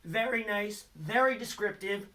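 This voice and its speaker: A man's voice: sits high, unhurried, pushed and bright, slight background noise. A man giving a recorded lesson to children, patient and encouraging, quizzing them with letter hints. His voice sounds a little far from the microphone. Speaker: teacher.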